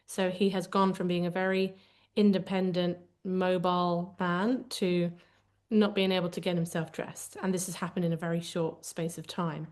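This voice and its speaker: A woman's voice: lowish voice, little pitch movement, moderate pace, a little mellow. A woman co-hosting a conversational podcast, speaking candidly and reflectively as she searches for the right words. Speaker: podcast co-host.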